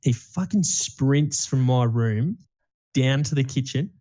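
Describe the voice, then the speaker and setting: Mellow-voiced young man. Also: mid-range voice, expressive, takes it slowly. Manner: rambling storytelling, swears freely, many fillers. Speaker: podcast co-host. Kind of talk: casual chat.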